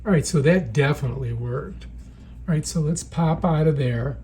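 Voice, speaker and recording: A slightly high, somewhat mellow male voice at a moderate pace leads a laid-back product demo indoors, with a little hiss or hum audible. The reviewer chats away and repeatedly checks in with viewers using "right?".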